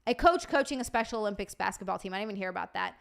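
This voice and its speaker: A woman's voice: mid-range voice, expressive, racing. A young woman streamer chatting casually, swearing freely and answering her live chat.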